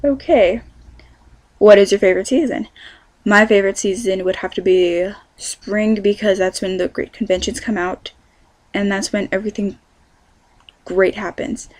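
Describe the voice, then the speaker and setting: A woman's voice: mid-range voice, steady tone, normal speed, long pauses, darkish tone, no echo. Teen girl from california rambling on her vlog, lots of ums and anyways, dry close sound. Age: teens. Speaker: vlogger. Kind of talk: casual Q&A vlog.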